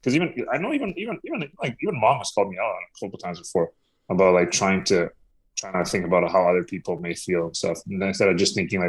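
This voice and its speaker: A man's voice: deep voice, lively intonation, fast talker. A young man co-hosting a casual podcast chat, talking hesitantly with many repeated fillers and restarts. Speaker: podcast co-host.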